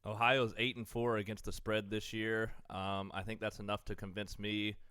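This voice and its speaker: A man's voice: lowish voice, little pitch movement, moderate pace, pushed and bright, clean tone, no room sound, studio quality. A man, co-hosting a casual sports podcast and talking in a rambling way with many fillers. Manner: rambling, filler-heavy, eating while talking. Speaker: podcast co-host.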